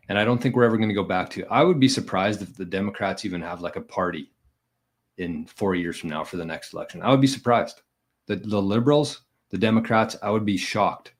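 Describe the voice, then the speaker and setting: A low-voiced man from Canada talks straight into his daily vlog. He reads out viewer comments and answers them bluntly, with plenty of swearing and a combative edge. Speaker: bitcoin vlogger.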